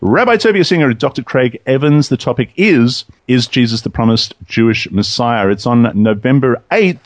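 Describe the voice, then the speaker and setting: Male podcast host, lively pitch, jokey and rambling, on a video call. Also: moderate pace, no echo. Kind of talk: casual chat.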